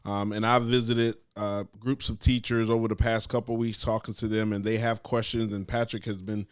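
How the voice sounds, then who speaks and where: A man's voice: lowish voice, little pitch movement, moderate pace, clear, resonant tone, dry recording, clean studio sound. A man hosting a podcast, easygoing and leading the talk with questions. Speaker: podcast host. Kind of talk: casual podcast chat.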